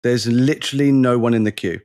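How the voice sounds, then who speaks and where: A man, co-hosting a podcast and telling a lively story in casual conversation, acting out the people in it. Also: mid-range voice, brisk, dry recording. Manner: animated storyteller, acts out the people in his stories. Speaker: podcast co-host.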